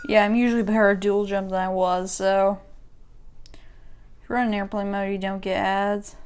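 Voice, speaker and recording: Smooth-voiced woman, rambling tech walkthrough. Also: mid-range voice, little pitch movement, normal speed, a little mellow. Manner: rambling, self-correcting, restarts sentences often. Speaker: tech YouTuber.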